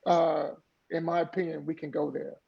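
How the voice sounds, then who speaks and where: A man with a high, gravelly voice talks earnestly as a guest, coaching listeners with motivational warmth of conviction. His tone is husky, and he often repeats a word while he finds his point. The audio is dull and lo-fi. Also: flat delivery, normal speed. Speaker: podcast guest, mindfulness coach. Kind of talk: conversational interview.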